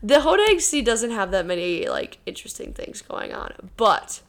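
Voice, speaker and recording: A woman's voice: medium pitch, big pitch swings, moderate pace, gravelly. Woman co-host, casual and chatty, laughs easily. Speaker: podcast co-host. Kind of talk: casual chat.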